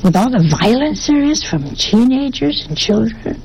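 A woman's voice: high voice, expressive, moderate pace, gravelly, hardly any pauses, darkish tone, a little hiss or hum, low-quality recording. A woman giving a sermon in a folksy, conversational way, often asking her listeners rhetorical questions. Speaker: preacher.

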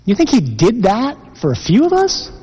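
A man, a priest, preaching a mission sermon and leading the congregation in prayer, stressing slow phrases. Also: very high-pitched, wildly swooping pitch, mellow, breathy edge. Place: large church. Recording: long church reverb.

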